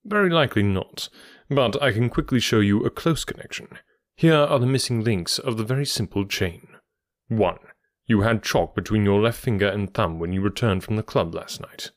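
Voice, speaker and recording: Guy doing a cool know-it-all detective, lecturing slow and precise, voice a bit low, dead dry sound. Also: no room sound, close to an everyday voice. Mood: explaining. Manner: measured, faintly superior lecturing tone.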